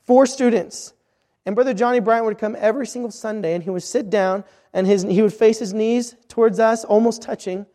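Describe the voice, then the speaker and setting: A man's voice: high-pitched, steady tone, brisk, dark tone. A man preaching a missionary sermon, earnest and repetitive, often restarting his sentences. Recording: long hall reverb.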